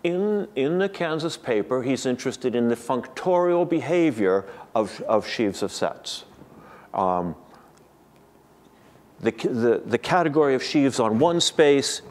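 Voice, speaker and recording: A man's voice: mid-range voice, lively intonation, measured pace, darkish tone. A man giving an academic lecture to a room of listeners, thinking aloud with frequent restarts and repeated words.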